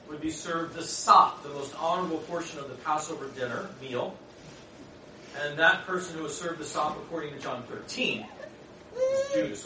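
A middle-aged man preaching a sermon, telling stories in an animated way and acting out the people in them. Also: on the high side. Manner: animated storytelling with laughs and acted voices. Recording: echoey room from far off, noisy.

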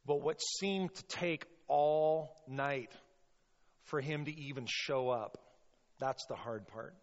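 A male pastor delivers a passionate sermon, swinging from quiet storytelling to loud acted-out outbursts. His voice carries a long, hall-like reverb. The sound is a little dull and muffled. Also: medium pitch, slow pace. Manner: impassioned, acts out quotes with sudden loud bursts.

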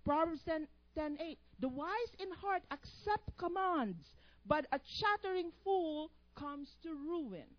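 Animated high-voiced woman preacher. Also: slow pace, hardly any pauses, no echo, dull audio. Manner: animated, quizzes the congregation for missing words; playful, teasing asides. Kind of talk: sermon.

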